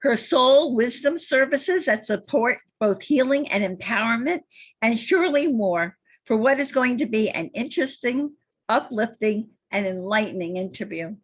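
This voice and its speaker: Husky-voiced woman podcast host. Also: fairly high pitch, expressive. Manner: measured, formal introductions. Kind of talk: interview hosting. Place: home studio.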